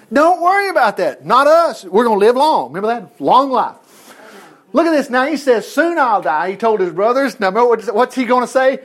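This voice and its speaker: Man, preacher, high pitch, very animated, folksy asides, reading scripture. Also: fairly quick. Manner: folksy, animated, laughing asides, acts out characters' voices. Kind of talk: sermon, reading and commenting on scripture.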